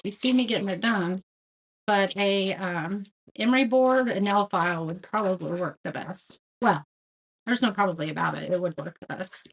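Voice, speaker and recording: A woman chatting casually as she hosts a live craft tutorial, reading viewer comments and laughing at her own mistakes. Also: mid-range voice. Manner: chatty, self-deprecating, reads viewer comments aloud. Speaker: craft livestream host.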